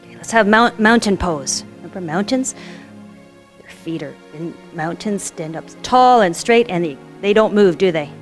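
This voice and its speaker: A woman instructor gently guiding children through a yoga class with encouraging, sing-song cues. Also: mid-range voice, expressive, moderate pace, faint music behind.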